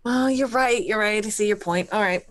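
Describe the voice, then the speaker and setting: A woman playing a tabletop game, talking in character with an animated, easy-laughing manner. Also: mid-range voice, fairly quick, dry recording.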